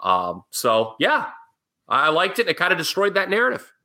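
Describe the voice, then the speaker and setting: A middle-aged man co-hosting a casual podcast, his pitch swooping widely as he makes his points. His voice has a bright, forward edge, and he drops in jokey asides between opinions. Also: huge pitch swings, moderate pace. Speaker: podcast co-host. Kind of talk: casual wrestling talk.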